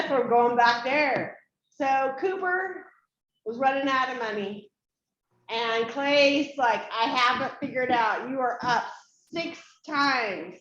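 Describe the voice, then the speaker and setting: Brief: woman host, unhurried, echoey and slightly muffled room. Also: high-pitched, a bit bright. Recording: echoey room, slightly dull sound, faint noise.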